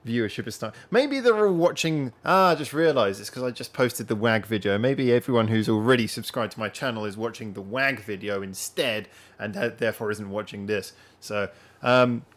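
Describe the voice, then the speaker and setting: A man's voice: lowish voice, moderate pace, fairly bright tone. A man hosting a casual live-stream chat from home, rambling and chatting directly to his viewers. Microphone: wearing headphones.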